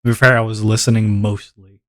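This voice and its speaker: A man's voice: lowish voice, little pitch movement, fairly quick. Rambling, laughing male streamer. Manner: rambling and self-mocking, laughs often. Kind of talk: casual live-stream chat while drawing.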